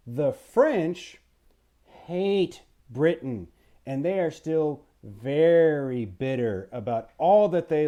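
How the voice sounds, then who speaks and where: A man teaching a history lesson in a playful, animated way, asking the listener questions and now and then putting on voices. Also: fairly high pitch. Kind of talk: recorded history lecture.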